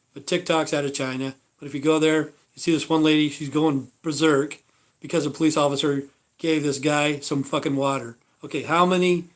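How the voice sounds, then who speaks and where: Blunt, foul-mouthed American man rambling. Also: a little high. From United States. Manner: blunt, swears constantly, trails off with "you know". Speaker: livestream host. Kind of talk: rambling casual monologue.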